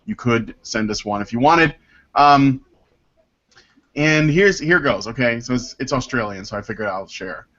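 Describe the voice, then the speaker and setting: Male podcast host, mid-pitched, rambling and filler-heavy, dull lo-fi sound. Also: a bit bright. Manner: rambling, halting, with many fillers. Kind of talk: casual panel chat, reading listener mail.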